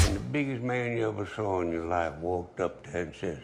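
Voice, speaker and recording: A man's voice: low-pitched, fast, creaky, few pauses, a little hiss or hum. An older man, cooking at the stove and chatting folksily as he tells a story. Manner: folksy, chatty, talks to himself while working. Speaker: cook. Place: home kitchen at the stove.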